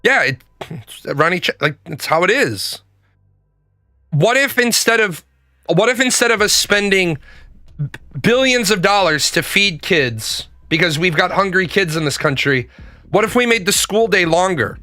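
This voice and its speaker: A man rants casually, swearing freely and repeating lines for emphasis. His voice sits high with a bright, forceful tone. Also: lively intonation, measured pace, no room sound. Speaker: commentator. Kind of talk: casual profane rant.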